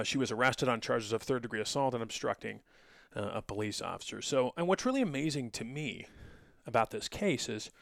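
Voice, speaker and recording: A middle-aged man with a gravelly, fry-laden voice delivers solo podcast commentary in an indignant, sarcastic, lecturing tone. He speaks close to the mic in a dry, dead room. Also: medium pitch, a bit bright, no room sound. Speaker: podcast host.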